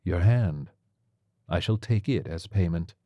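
With lively intonation, a man's deep voice portrays a gentle tiger surgeon in a spoken story, calm, measured, clinical and quietly matter-of-fact. The recording is close and dry, without any room sound.

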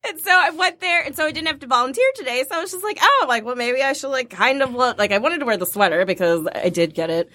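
A woman's voice: high-pitched, animated, quick pace, few pauses, pushed and bright, no room sound. A woman telling a story in casual chat, acting out each line of dialogue and laughing often.

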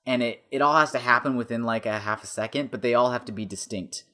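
A man's voice: mid-range voice, quick pace, pushed and bright. A man co-hosting a casual movie commentary podcast, rambling and laughing often as he talks. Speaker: podcast co-host.

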